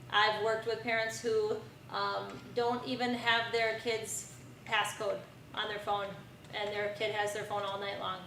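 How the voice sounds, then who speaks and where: A woman's voice: on the high side, a bit bright, slight background noise. A middle-aged woman giving a community presentation to parents, earnest and repetitive with frequent ums. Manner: earnest, repeats key advice, many ums. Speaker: presenter on bully prevention. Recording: echoey room from far off.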